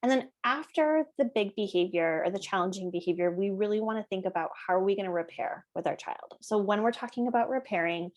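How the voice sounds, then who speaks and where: A woman teaching parents in a calm, conversational way, often checking in with the listener. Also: mid-range voice, fairly quick, hardly any pauses. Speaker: parenting educator. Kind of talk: explanatory talk to parents.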